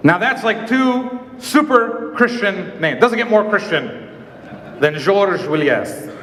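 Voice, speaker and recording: A male comedian from Nazareth doing stand-up on a stage mic, telling a story in an animated way and acting out the dialogue. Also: sits high, takes it slowly, a little hiss or hum. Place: large event hall stage. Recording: echoey hall with live audience. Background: audience.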